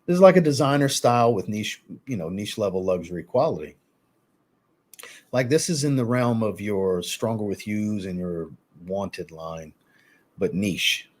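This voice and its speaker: Reviewing scents on a live stream, this host keeps things relaxed and chatty while responding to his viewers' chat. He speaks at a moderate pace in a voice on the low side.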